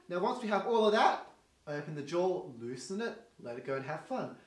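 A man teaching a singing lesson in a quick, chatty coaching manner, demonstrating with vocal sounds. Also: high-pitched, very animated. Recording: roomy echo, faint guitar behind.

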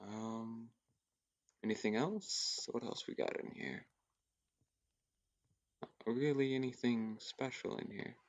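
A young man in casual gameplay commentary, thinking aloud in a hushed, often whispered voice, repeating himself as he works things out. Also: medium pitch, takes it slowly, long pauses, dry recording, lo-fi sound. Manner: thinks aloud, repetitive and tentative. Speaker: gaming YouTuber.

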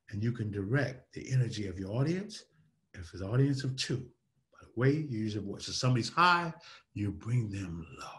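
A man giving a motivational talk in an interview, speaking in a dynamic, preacher-like way that swings between loud and soft. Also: on the low side. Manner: dynamic, preacher-like delivery with sweeping shifts in loudness.

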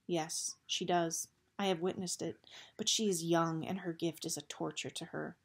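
A woman's voice: on the low side, fairly even intonation, normal speed, slightly rough. Woman voicing Eris, a grave, formal male bat. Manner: formal, stiff speech without contractions. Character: grave guilt-ridden male bat warrior.

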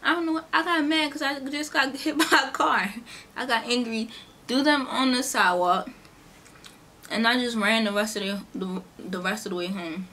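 A young woman vlogger, chatting casually through a storytime and acting out the people in it. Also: moderate pace. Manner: chatty, animated, acts out quotes in a higher voice. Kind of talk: casual storytime during a mukbang.

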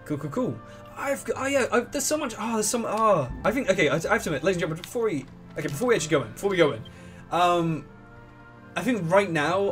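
A man giving casual gameplay commentary as the host of a let's play, rambling and excitable, often restarting his sentences and humming along. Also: fairly high pitch.

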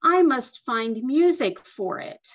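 Storybook little girl, eager and excited, high voice, read by a woman; lo-fi call sound. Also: takes it slowly, exaggerated voice. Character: young girl eager for music. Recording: dull lo-fi video call audio.

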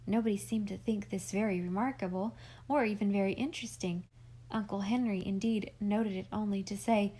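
A woman reading a classic children's novel aloud as narrator, steady and storytelling. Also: medium pitch, moderate pace. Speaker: audiobook narrator. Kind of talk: scripted narration.

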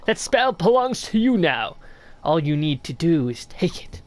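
A man voicing an old male snail shaman in a game, reading his lines in a theatrical, mock-gracious way with a raised pitch. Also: very animated, measured pace. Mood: sly.

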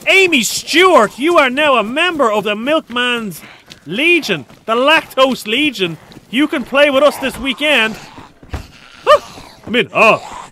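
A man live-streaming a survival game, talking fast and loose, swearing, joking and reading chat messages aloud with high energy. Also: sharp tone, a little hiss or hum.

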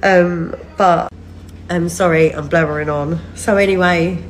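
On a low-quality phone video with a little hiss or hum, a woman in her thirties catches her followers up on things, rambling and laughing partway through sentences, exhausted from a recent illness. Her voice is on the low side, steady and unhurried.

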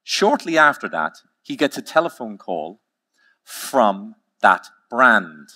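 Male keynote speaker, bright voice, emphatic storytelling with slow repeated lines. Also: mid-range voice, sing-song. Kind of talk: conference keynote talk.

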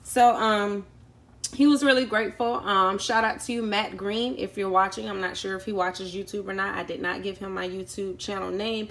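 The woman's mid-range voice is steady and fairly bright, moving at a moderate pace. Vlogging casually from home on YouTube, she spins a long, chatty story full of ums, performing the voices of people she met.

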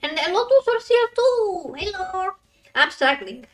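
A woman streamer chatting casually with her viewers while she plays, excitable, laughing often and swearing when frustrated. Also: very high-pitched, unhurried, distant mic, faint music behind. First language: Italian. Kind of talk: casual live-stream chat while gaming.

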